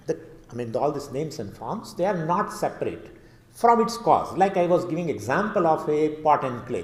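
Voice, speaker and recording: A man teaching scripture and explaining it in an earnest, emphatic way, pausing on fillers. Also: fairly high pitch. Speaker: Vedanta teacher. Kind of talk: scripture lecture. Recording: roomy hall reverb.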